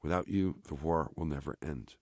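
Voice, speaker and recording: A man reading aloud, voicing a chatty, bossy army sergeant in an offhand, brisk manner. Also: a bass voice, a little mellow, no room sound, clean studio sound. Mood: explaining. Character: gruff chatty male army sergeant, blunt.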